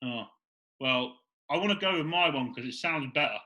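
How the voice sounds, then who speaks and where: A British man co-hosting a podcast, crude and excitable, laughing often in casual banter. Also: medium pitch, moderate pace. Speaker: podcast co-host.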